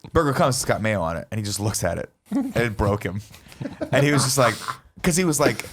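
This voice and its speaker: Male podcast host, quick talker, swinging pitch, animated storyteller, salty language. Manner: animated storyteller, swears freely. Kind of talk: casual chat.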